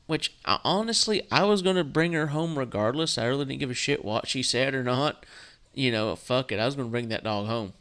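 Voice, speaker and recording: Casual male vlogger, worn out and low-key, rambling, smooth and clear tone. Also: fairly bright tone. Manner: halting, rambling, with frequent restarts and swearing. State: subdued and tired. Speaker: gaming channel host. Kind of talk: casual vlog talk.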